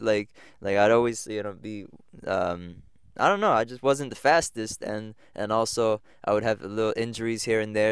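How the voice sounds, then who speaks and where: This young podcast host from the United States has a lowish voice, recorded cleanly in studio quality with no room sound. He tells casual, reflective stories about his life, meandering with many fillers and restarts.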